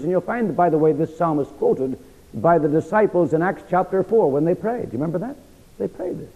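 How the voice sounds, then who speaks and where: A man preaching an expository sermon, reading verses slowly and emphatically and quizzing listeners with "what?" before key words. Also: high voice. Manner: reads scripture slowly and emphatically. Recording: dull recording in a large reverberant hall.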